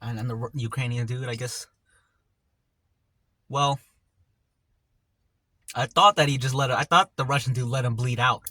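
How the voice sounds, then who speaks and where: A man's voice: medium pitch, steady tone, moderate pace, long pauses, pushed and bright, no room sound. A man telling a story casually while eating on camera, in a rambling, laid-back way full of slang, often trailing off mid-thought. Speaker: mukbang vlogger.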